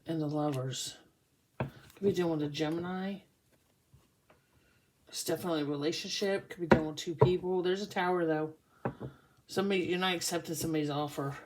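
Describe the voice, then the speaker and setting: A woman's voice: low-pitched, steady tone, fairly quick, long pauses, background noise. A woman doing a casual tarot reading for her channel, chatty and often laughing. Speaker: tarot reader.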